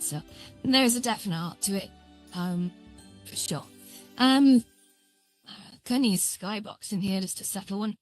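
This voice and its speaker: Rambling woman live-streaming while she codes. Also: lowish voice. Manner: rambling and self-deprecating, lots of filler words. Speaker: streamer building a VR world. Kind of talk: casual live-stream commentary while coding.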